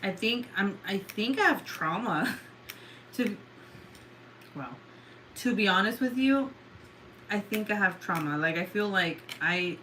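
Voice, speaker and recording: A woman's voice: lowish voice, pushed and bright, a little hiss or hum, low-quality recording. A woman in her thirties chatting casually with viewers, swearing, rambling and laughing often. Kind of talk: casual chat.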